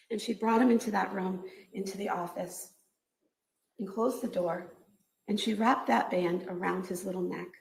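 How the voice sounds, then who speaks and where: A woman prosecutor delivers a closing argument, her voice carrying a gravelly edge. She speaks in a measured, emphatic way and hammers her points home with repeated phrases. The courtroom audio is echoey. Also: mid-range voice, a little mellow.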